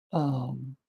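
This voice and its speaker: A woman's voice: very deep voice, creaky, mellow, husky, highs cut off. A middle-aged woman hosting a casual live chat and answering comments. She rambles and giggles often, and she trails off with lots of fillers. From United States. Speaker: live-stream host.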